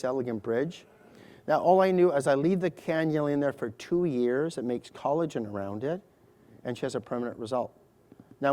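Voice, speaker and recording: A middle-aged man leads a live procedure demonstration, calmly naming each step as he works. He keeps it light with quick joking asides to the watching audience. His voice sits at an ordinary middle pitch. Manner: chatty, joking asides while explaining technique.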